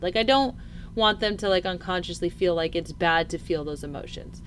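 A woman's voice: lowish voice, normal speed, a bit bright, a little hiss or hum. A woman in her thirties co-hosting a casual parenting chat, talking earnestly and thinking aloud with lots of fillers. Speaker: podcast co-host.

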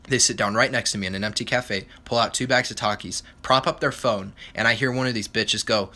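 A man's voice: on the low side, fairly even intonation, a little fast, pushed and bright. A young man hosting a solo podcast, ranting angrily with a lot of profanity. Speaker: podcast host.

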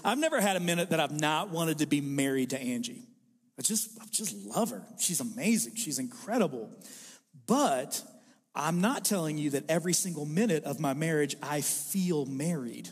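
A man's voice: sits high, long reverb tail. A pastor in his forties preaching a sermon to a live congregation in a conversational, joking way. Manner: conversational and joking, with animated impressions. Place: church hall with a live congregation.

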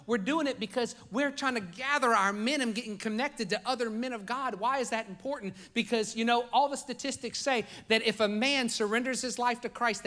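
A man in his forties preaching a sermon as pastor in a church, telling stories and joking with the congregation. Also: very high-pitched. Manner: animated storytelling, joking with the congregation. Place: church sanctuary.

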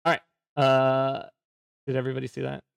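A man's voice: medium pitch, monotone, creaky, clear, resonant tone, no echo. A man narrating a tabletop game as game master, casual and full of fillers and restarts. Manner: casual, filler-heavy, halting.

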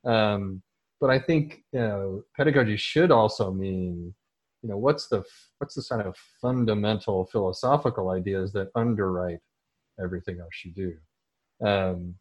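A man from the United States, a teacher and soccer coach, answering at length in an interview in an animated way, restarting often and acting out his own thoughts. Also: lowish voice, moderate pace, dull audio.

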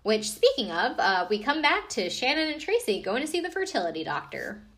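A woman's voice: fairly high pitch, very animated, a little fast, a bit bright. A woman casually recapping a reality TV episode, chatty and profane, with lots of fillers and asides. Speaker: podcast recapper.

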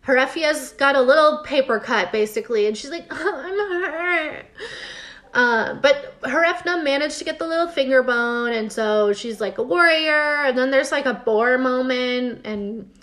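A woman's voice: high-pitched, moderate pace, few pauses, fairly bright tone. A woman casually recapping a TV episode for her co-host, chatty and sarcastic, reading bits from her notes. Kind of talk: casual chat.

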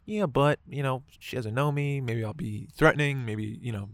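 A man's voice: mid-range voice, moderate pace, no echo. A man telling a moving personal story in casual conversation, swearing often and filling his talk with "like" and "right". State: choked up.

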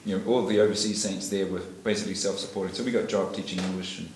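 Rambling New man, low voice. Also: fairly even intonation, fast talker, background noise. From New Zealand. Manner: rambling, laughs often, many fillers and restarts. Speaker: interviewee giving a personal testimony. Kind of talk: casual storytelling over a meal. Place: echoey dining room with dishes clinking. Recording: echoey room with loud background clatter.

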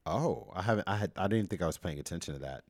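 Deep voiced socal guy, chatty podcast cohost, dry mic. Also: animated, fast, a little mellow, no room sound. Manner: chatty, laughs often, restarts. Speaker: podcast co-host. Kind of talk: casual chat.

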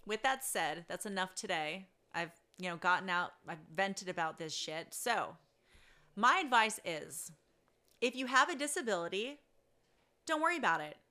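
A woman telling a story in a casual rant, blunt and profane, swinging between loud outbursts and low asides. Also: animated, moderate pace.

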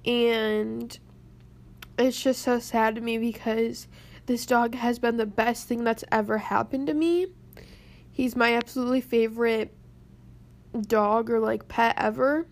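A tearful young woman rambling through a personal story to camera, halting and close to crying. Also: fairly high pitch, fairly even intonation, a little mellow. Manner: rambling, halting, many pauses. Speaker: vlogger.

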